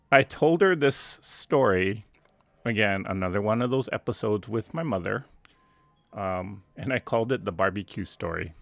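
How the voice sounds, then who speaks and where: Male host with a fairly low, dry voice, telling a casual rambling anecdote and chuckling as he goes. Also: vocal fry, a bit bright, no room sound. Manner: rambling, self-correcting, chuckles at his own story. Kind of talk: casual storytelling on a live stream.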